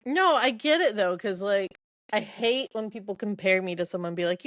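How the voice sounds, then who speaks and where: A woman's voice: medium pitch, expressive, fairly bright tone, dry recording. Chatty woman reacting on a book podcast. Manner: quick reactive interjections. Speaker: podcast co-host. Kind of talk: casual book-club chat.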